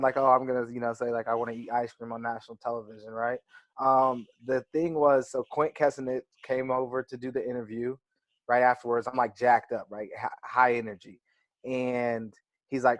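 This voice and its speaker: In a laid-back interview, a young wrestler reflects on his stories, filling his speech with "like" and "right." He delivers them flatly in a mid-range voice at a moderate pace, with no echo.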